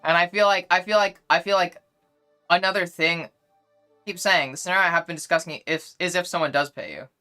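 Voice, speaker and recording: A young woman streamer argues her point to chat in a casual livestream, repeating herself insistently. Her voice is bright and forceful. Faint music plays in the background. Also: fairly low pitch, steady tone, fairly quick.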